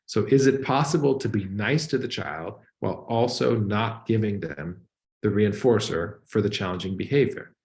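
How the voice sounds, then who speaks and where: Brief: man, slightly low voice, guest expert presenting, earnest and conversational, roomy echo. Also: moderate pace, a little mellow. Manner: earnest, conversational, uses many "like" and "and so" links. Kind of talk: explanatory talk to an audience over slides. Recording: echoey room.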